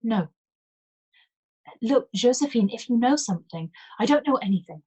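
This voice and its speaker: A woman voicing an anxious, frightened grown woman who hesitates and falters, her voice turning shrill. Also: moderate pace, darkish tone, slightly rough.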